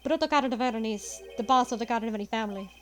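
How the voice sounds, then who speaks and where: A woman doing a gruff police detective. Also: on the high side, fast, faint music behind, lightly acted. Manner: casual tough-guy talk, calls people pal. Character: gruff male police detective, loyal, folksy. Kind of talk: fan voice-over of a game.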